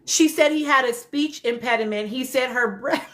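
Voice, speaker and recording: A woman livestream host chats casually with her viewers, talking straight to them, reacting to comments and laughing often. Her voice is high and a bit bright, at normal speed.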